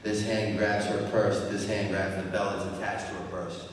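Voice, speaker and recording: A man with a fairly low voice delivers a dramatic keynote story, hammering key phrases and stacking up lists. His voice booms around a large hall, picked up from some distance with a faint hiss underneath. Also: level tone, moderate pace. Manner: emphatic, repeats key phrases, builds lists. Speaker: keynote speaker. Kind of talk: dramatic recovery storytelling speech. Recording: echoey hall, speaker far from the mic.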